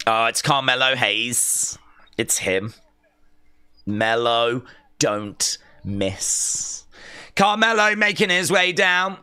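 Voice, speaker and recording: A man streaming a live watch-along, giving excitable, chatty commentary with mock outrage. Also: mid-range voice, takes it slowly, clean tone.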